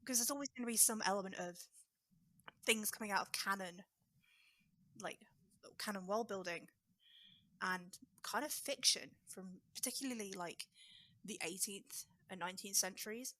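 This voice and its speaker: A woman guest on a casual podcast, talking quickly and informally with lots of "like". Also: mid-range voice, sharp tone, dry recording.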